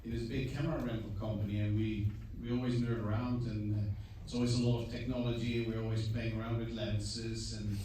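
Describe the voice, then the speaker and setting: A man working as a cinematographer, telling a halting story at a live Q&A with restarts and laughter. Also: fairly low pitch, level tone, dark tone. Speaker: cinematographer on a Q&A panel. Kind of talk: casual live Q&A talk. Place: large theater stage. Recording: far-off mic in an echoey theater with faint noise.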